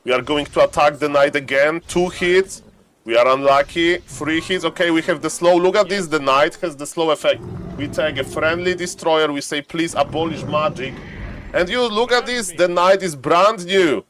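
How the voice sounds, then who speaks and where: A man's voice: fairly high pitch, normal speed, a bit bright, a little hiss or hum. Man explaining a strategy game live. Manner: explains step by step, greets chat viewers. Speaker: streamer. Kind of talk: live game stream commentary.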